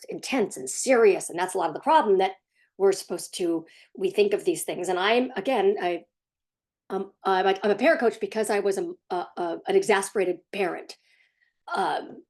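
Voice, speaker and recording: A woman parent coach talking casually to the camera in a sarcastic, animated way, sometimes laughing as she speaks. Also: medium pitch. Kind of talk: casual vlog commentary.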